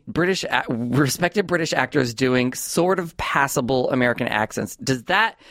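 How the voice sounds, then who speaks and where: A man hosting a comedy podcast, chatting in a rambling, animated way on a close studio mic. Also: medium pitch, dry recording. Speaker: podcast host. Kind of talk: casual comedic chat.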